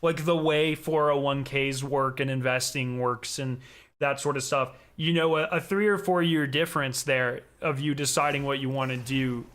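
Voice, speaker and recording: A man's voice: medium pitch, steady tone, moderate pace, fairly bright tone. A man from the States, chatting casually on a live stream in a rambling, profane way and talking straight to his chat. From Southern United States.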